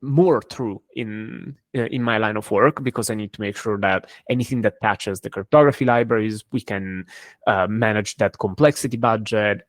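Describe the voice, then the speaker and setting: A man's voice: lowish voice, no echo. Dry-sounding man, thoughtful and hesitant. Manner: thoughtful, hesitant with many fillers and restarts. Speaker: cryptography engineer and guest. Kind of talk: conversational interview answers.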